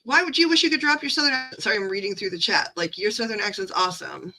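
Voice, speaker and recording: A woman's voice: mid-range voice, lively intonation, quick pace, gravelly, pushed and bright, rough recording. A woman with a Midwestern accent, hosting a livestream as a card reader, chatty and digressive as she reads the chat aloud. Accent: Midwestern American. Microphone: phone.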